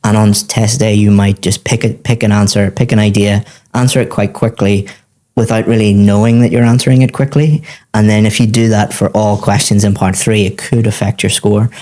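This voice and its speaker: A man's voice: on the low side, level tone, normal speed, dark tone. A man teaching, giving a student methodical, encouraging feedback on a speaking exam.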